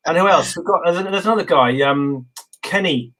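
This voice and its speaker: A man from England as a guest in a casual video interview, relaxed and rambling with many fillers. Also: fairly high pitch, normal speed, rough recording.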